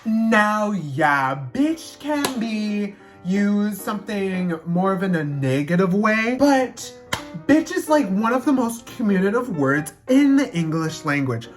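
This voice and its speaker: A woman's voice: medium pitch, very animated, slow, soft background music. A young adult woman vlogging in a brash, profane and theatrical way as she explains her slang in casual talk.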